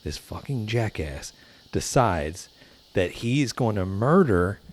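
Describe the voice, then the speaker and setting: A man's voice: on the low side, very animated, slow. A man with a Texan accent, co-hosting a casual podcast and telling rambling stories. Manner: rambling storyteller, mimics people in quotes. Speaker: podcast co-host. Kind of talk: casual chat.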